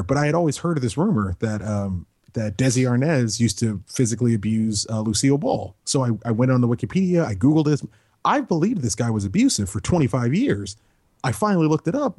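A man's voice: mid-range voice, dark tone, husky, dry recording, clean studio sound. A man co-hosting a casual soccer podcast, rambling into joking side stories before getting back to team talk. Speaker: podcast co-host.

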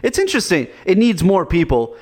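A man's voice: high-pitched, huge pitch swings, brisk, darkish tone. A man co-hosting a podcast, talking casually and rambling with lots of fillers. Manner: rambling, heavy use of "like". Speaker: podcast co-host.

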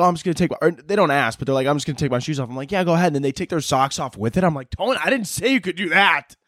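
A man's voice: mid-range voice, no room sound, clean studio sound. Profane, ranting young man podcaster. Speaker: podcast host. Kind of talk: solo comedic rant.

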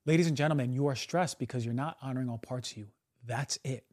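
A man's voice: medium pitch, a little mellow. Emphatic male podcast host. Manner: emphatic, often adds a quick "right?". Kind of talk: podcast monologue.

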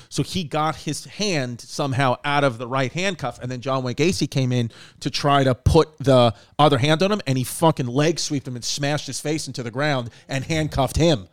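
A man's voice: mid-range voice, moderate pace, dry recording, clean studio sound. A man in casual podcast chat, telling a long story with many fillers and restarts. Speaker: podcast host.

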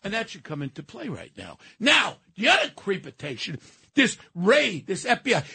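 A man in his seventies ranting angrily on a political talk radio show, often shouting. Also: sits high, huge pitch swings, normal speed, gravelly, breathy edge. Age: 70s. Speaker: radio co-host.

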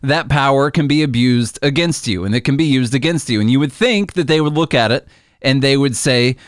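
A man's voice: medium pitch, fairly quick, dry recording, studio quality. A man co-hosting a political talk show, speaking in an earnest, exasperated way. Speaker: podcast co-host. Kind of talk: political commentary chat.

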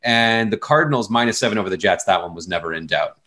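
A man's voice: on the low side, quick pace, bright, forceful tone. A man co-hosting a casual sports betting podcast, easygoing and explaining with examples. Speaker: podcast co-host. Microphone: studio mic.

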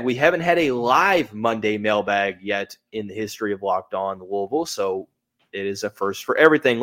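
A man's voice: medium pitch, fairly bright tone. A man hosting a live sports podcast, giving analysis in a conversational way and thinking aloud with hedges. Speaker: podcast host.

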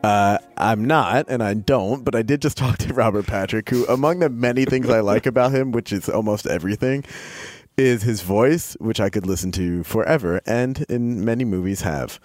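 A man hosting a podcast, chatting casually and joking with a low, gravelly voice. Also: normal speed, darkish tone, no room sound, clean studio sound. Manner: joking, playful. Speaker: podcast host. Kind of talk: casual interview chat.

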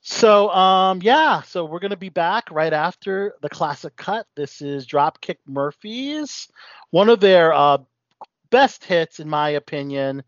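A man's voice: high-pitched, animated, unhurried, a bit bright, dry recording, highs cut off. A man hosting a casual radio talk show, rambling with lots of fillers.

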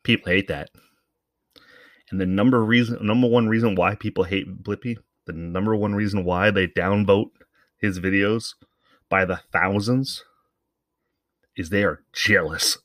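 A man's voice: lowish voice, measured pace, pauses often, no echo, clean studio sound. A man hosting a podcast, giving casual, rambling commentary in a sarcastic, profane way. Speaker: podcast host.

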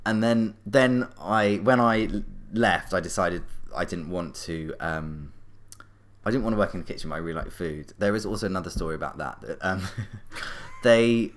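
A middle-aged man with a very deep voice tells a long anecdote as a guest. He rambles and restarts, scattering fillers as he goes. His delivery is casual and animated. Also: normal speed. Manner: rambling, animated, full of fillers and self-corrections. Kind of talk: casual storytelling.

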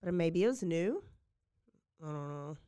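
A woman's voice: on the low side, lively intonation, measured pace, dark tone, smooth. A woman hosting a podcast, casually retelling a true-crime story with lots of fillers and acted-out quotes. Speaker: podcast host.

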